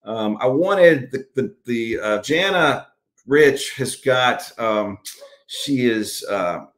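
A man's voice: medium pitch, animated, slow pace, a bit bright. A man from Alabama with a Southern accent, an author answering interview questions over a video call in a rambling, filler-filled way. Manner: rambling, many fillers and restarts. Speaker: author guest.

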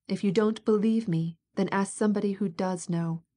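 A woman's voice: mid-range voice, fairly even intonation, normal speed, dark tone, close to an everyday voice. A woman voicing an impatient, scheming prince who coaxes and insists by turns. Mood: impatient, coaxing.

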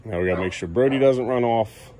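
A man's voice: medium pitch, fast, warm tone. A man filming his kids at home for a vlog, laughing at them and scolding them in turn. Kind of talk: casual home vlog narration.

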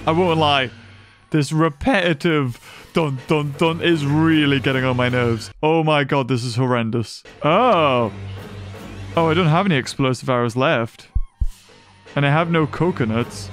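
A man giving excitable let's-play commentary as a gaming channel host. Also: a little high, unhurried, faint music behind. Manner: excitable, exclaiming.

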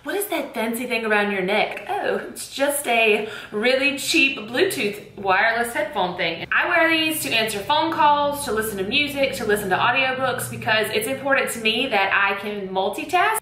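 Chatty, bright Southern woman vlogging. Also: a little high, lively intonation, moderate pace, hardly any pauses, roomy sound. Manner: chatty, gushing, emphatic. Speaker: teacher vlogger. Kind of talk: casual product chat to camera. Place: room lit with bright lights.

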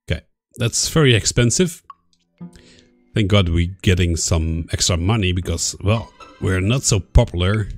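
Low-voiced man playing a video game. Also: expressive, measured pace, soft background music. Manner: reads game dialogue aloud, chuckles often. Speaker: gaming YouTuber. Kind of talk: let's play commentary.

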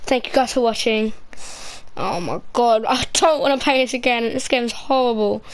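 A woman's voice: fairly high pitch, normal speed, clear, resonant tone, rough recording. A woman commenting while playing a horror game, jittery and repeating herself when scared. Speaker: gamer.

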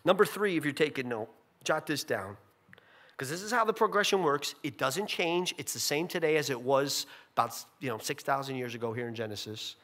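A male pastor preaching a sermon in an animated, conversational way with jokey asides. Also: medium pitch, brisk.

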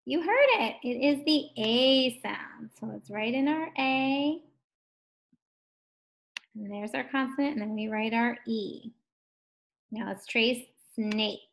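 A woman, a first grade teacher, giving a slow, clear, encouraging phonics lesson to young children over distance learning. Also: fairly high pitch, a little hiss or hum. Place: home distance-learning recording.

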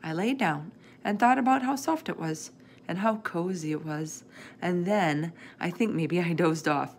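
Woman reading a kids chapter book out loud, kinda gravelly, expressive. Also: fairly low pitch, a little slow, a little hiss or hum. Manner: expressive, lively read-aloud narration. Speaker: reader of a children's book. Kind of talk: storybook read-aloud.

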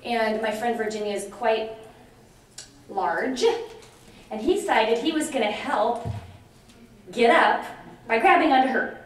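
A middle-aged woman giving a lively conference presentation, chatty and animated, often checking in with her audience. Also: on the high side, unhurried, pauses often. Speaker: conference speaker on dementia care. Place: large conference room. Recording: very echoey hall from far off, faint noise.

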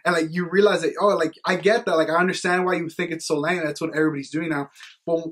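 A young man talks about faith with earnest, casual energy. His voice sits a touch high and has a husky, breathy edge. He rambles, restarts, and leans on "like" as he shares. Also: steady tone, quick pace, a bit bright. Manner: earnest, rambling, heavy on "like" and "you know what". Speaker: youth podcast co-host.

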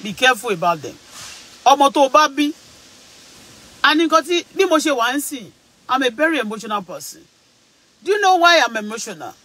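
A man's voice: very high-pitched, sing-song, a little fast, long pauses, pushed and bright, low-quality recording. A man with a Nigerian Yoruba accent, giving an emphatic, repetitive vlog monologue that mixes English and Yoruba. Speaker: vlogger. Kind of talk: preachy casual monologue.

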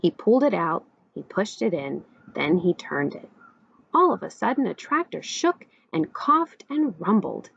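A woman reads a children's picture book aloud with a gravelly, husky voice that leaps all over the place in pitch. She tells the story in an expressive, animated way, as a teacher would for young children. The recording sounds dull and lo-fi. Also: unhurried.

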